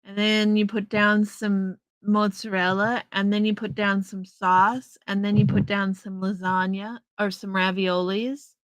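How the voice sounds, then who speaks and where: A woman's voice: mid-range voice, little pitch movement, a little slow, few pauses, no echo, poor audio. A woman hosting a casual livestream, chatting with viewers and answering their messages by name. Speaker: livestream host. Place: home, in front of a green screen. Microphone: headset earpiece.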